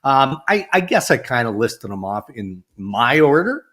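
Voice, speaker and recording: A man's voice: mid-range voice, big pitch swings, a little slow, fairly bright tone. A man co-hosting a hockey podcast in casual chat, steering the conversation between topics and chuckling easily. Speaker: podcast co-host and hockey insider.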